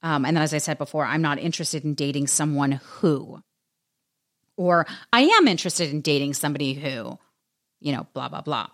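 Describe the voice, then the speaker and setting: A woman host talking casually about relationship boundaries, animated and full of "right?" and "like" fillers. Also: low-pitched, moderate pace. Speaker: podcast host. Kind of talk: casual advice talk.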